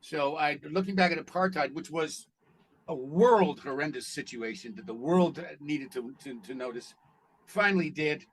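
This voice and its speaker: Animated, blunt male actor telling stories. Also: a little high, moderate pace, breathy edge. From Canada. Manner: animated storyteller, blunt and profane. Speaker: actor guest. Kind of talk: casual interview chat.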